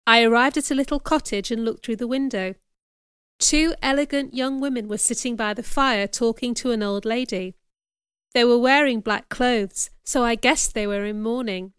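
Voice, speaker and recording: A woman narrating a story in the first person, reading in a clear, measured way. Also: a little high, fairly bright tone, no echo, clean studio sound. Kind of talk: scripted audiobook narration.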